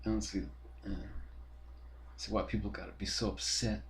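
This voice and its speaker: Profane, ranting low-voiced man. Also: flat delivery, moderate pace, a little hiss or hum. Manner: profane, rambling, exasperated. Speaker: podcast host. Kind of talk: casual ranting monologue. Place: apartment.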